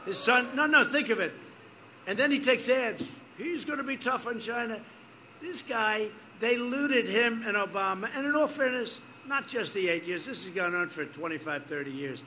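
Older man giving a bright, emphatic rally speech. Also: sits high, lively intonation, normal speed, a little hiss or hum. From United States. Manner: rambling, repetitive, emphatic asides to the crowd. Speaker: politician speaking at a rally. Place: outdoor airport rally.

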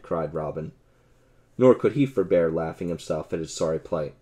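A man narrating an old adventure audiobook with expressive storytelling. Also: sits low, moderate pace.

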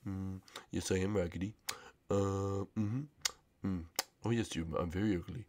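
A man's voice: low voice, steady tone, moderate pace, dark tone, a little hiss or hum, pitched below the performer's own voice, close to an everyday voice. A man putting on a blunt scruffy rag-doll princess. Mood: offhand.

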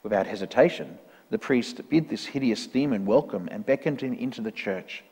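A man reading a parable aloud in a church service, in a measured, earnest storytelling manner. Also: lowish voice, expressive, a little mellow, breathy edge. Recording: long church reverb.

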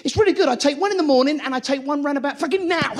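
A man doing an excitable stand-up comedy routine on a theatre stage, swearing freely. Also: extremely high pitch, racing. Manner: frantic, excitable, swears a lot. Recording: live theatre recording with loud crowd. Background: loud audience laughter.

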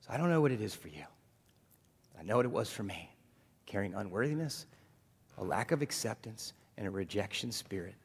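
Husky man preaching in a reverberant church. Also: lowish voice, brisk, long pauses. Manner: animated preaching, jokes with the congregation. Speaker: pastor. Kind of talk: sermon. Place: church sanctuary. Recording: long hall reverb.

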